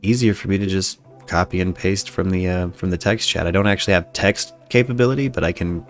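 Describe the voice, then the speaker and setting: A man's voice: deep voice, fairly quick. Guy hosting a podcast, swears a lot, rambly and chill, faint music under it. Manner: profane, rambling, laid-back. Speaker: podcast host. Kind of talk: casual live podcast chat. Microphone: desk microphone with noise suppression.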